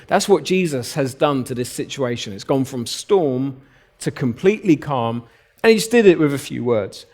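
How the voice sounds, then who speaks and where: A man's voice: medium pitch, fairly quick. Man preaching a casual sermon. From South West London. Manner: informal storytelling with lively acted-out quotes. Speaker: pastor. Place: church.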